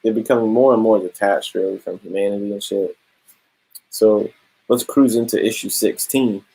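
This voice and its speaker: Laid-back husky man reviewing comics. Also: fairly low pitch, fairly even intonation, moderate pace, dark tone, poor audio. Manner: laid-back slangy, drops "bro" and "straight up".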